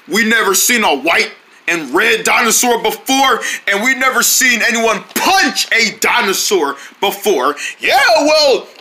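These are eager young deer friends in a homemade cartoon, all voiced by one performer. The voices swing wildly up and down in pitch and stay bright and sharp. The performer hops between several playful characters.

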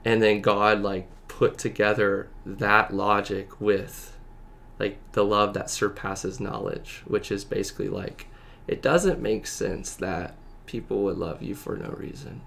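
A man with a low voice and a gravelly edge tells his faith testimony as a guest in a relaxed chat. He speaks earnestly and haltingly, leaning on filler words as he searches for what to say. His emotion sits close to the surface. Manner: emotional, close to tears at times. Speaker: podcast guest. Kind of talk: personal faith testimony in casual conversation.

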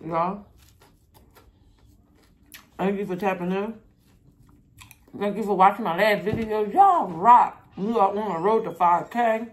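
A mukbang vlogger chats casually to her viewers while eating, laughing often. Her voice is medium in pitch, slow, and broken by frequent pauses.

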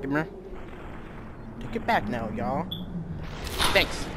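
A young man giving casual let's-play commentary while playing a VR game, reacting with loud exclamations. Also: medium pitch, big pitch swings, slow. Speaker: gamer playing VR with a friend. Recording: noisy with game gunfire behind.

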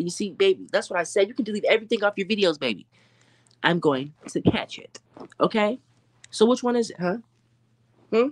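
A host of a commentary channel rants in a confrontational, profane way, firing off slangy rhetorical questions and drawn-out taunts. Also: mid-range voice, dry recording. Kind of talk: live commentary rant.

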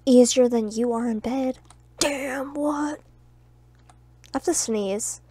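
A young woman plays a video game with friends, chatting casually, teasing and trash-talking playfully with bursts of loud laughter. Her high-pitched voice is slow and husky, with no room sound.

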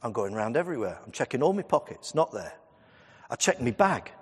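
A Methodist minister in his fifties preaches a sermon in a church, telling stories chattily with humour and asides to the congregation. His medium-pitched voice is brisk and slightly rough with big pitch swings, and the recording carries long church reverb.

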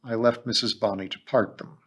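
A man narrating an audiobook in a measured, even storytelling manner. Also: fairly low pitch. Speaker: audiobook reader.

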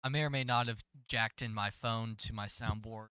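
A man's voice: on the low side, steady tone, normal speed, sharp tone, smooth, no room sound. Matter-of-fact man on dry voice chat. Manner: short, matter-of-fact replies. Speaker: teammate. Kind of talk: casual team voice chat during a game.

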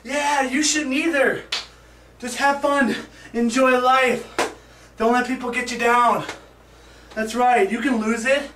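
High-voiced man vlogging in echoey room. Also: slow pace, pauses often, background noise. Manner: animated and playful, hyping himself up to viewers. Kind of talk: casual vlog to the camera. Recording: echoey room, camera at a distance.

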